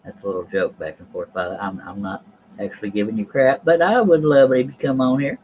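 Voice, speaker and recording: Man, low-pitched, folksy joking stream host talking casually to chat, light room hiss. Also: fairly quick, muffled recording. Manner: folksy, jokey, addresses chat viewers.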